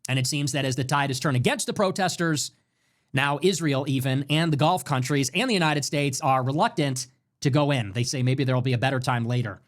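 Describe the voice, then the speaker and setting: Sick with a fever, a man runs his own livestream show, ranting in an animated, emphatic way and swearing often. His voice is mid-range and his pace brisk.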